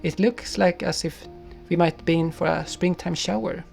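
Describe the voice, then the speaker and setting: A man voicing a cheeky, laughing male chipmunk in a storybook reading, brisk and emphatic. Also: sits high, fairly even intonation, over loud music. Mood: gleeful. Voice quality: gravelly.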